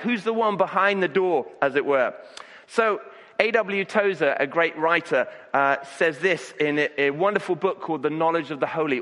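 A man's voice: high-pitched, fairly bright tone, long reverb tail. A man preaching a sermon, earnest, often repeating words as he starts a sentence. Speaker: pastor.

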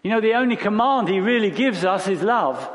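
A man's voice: high-pitched, animated, a little fast. A man preaching a sermon in a conversational way, asking rhetorical questions and repeating phrases for emphasis. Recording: long reverb of a large hall.

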